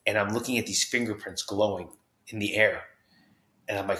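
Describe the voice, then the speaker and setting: A man from New Jersey, a podcast guest, telling a personal story with high energy and acting out the voices he quotes. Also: normal speed, pushed and bright, reverberant.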